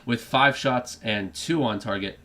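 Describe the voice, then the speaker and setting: A man with a bright, forceful voice talks through a football match as a fan host. He thinks aloud, hedges, and corrects his own points as he goes. His pitch sits in an ordinary middle range. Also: unhurried. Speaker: fan channel host giving live match reaction. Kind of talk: casual live commentary.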